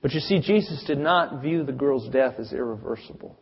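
A man preaching a sermon, telling the story dramatically with big swings in loudness. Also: medium pitch, brisk, creaky, slightly rough. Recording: dull sound with long reverb.

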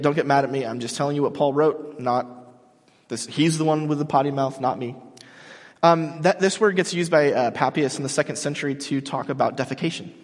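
A man preaching a sermon as pastor, animated and emphatic, often restarting his sentences. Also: on the high side, big-room sound.

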